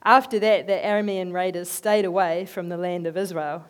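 A woman giving a conversational sermon, telling animated, chatty stories in an everyday voice. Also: fairly low pitch, normal speed. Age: adult, working as a head teacher. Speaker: lay speaker giving a talk.

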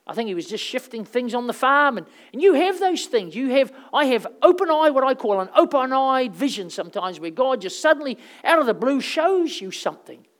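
A woman preaching a sermon in a conversational, rambling storytelling way, full of fillers, swinging between loud and soft. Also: high voice, big pitch swings, brisk, few pauses.

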